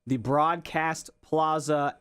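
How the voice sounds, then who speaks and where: Man, co-host, casual banter, jokey, acts out voices, slightly high pitch. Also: steady tone, slow, a bit bright, clean tone. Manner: joking, acts out quoted people. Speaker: talk show co-host. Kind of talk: casual talk show banter.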